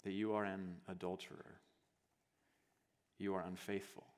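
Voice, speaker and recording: A male pastor preaching a sermon as a vivid story, acting out scenes and swinging from hushed to loud, with lots of casual "like" fillers. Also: deep voice, little pitch movement, unhurried. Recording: long hall reverb.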